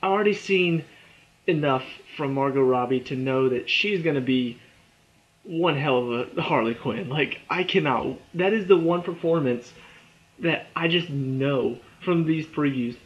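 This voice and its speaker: A man's voice: on the high side, measured pace. Chatty young man, tired, on a dull lo-fi recording. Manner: rambling and chatty, with frequent fillers, restarts and little laughs. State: a bit tired. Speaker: movie trailer reviewer. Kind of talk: casual spoken review.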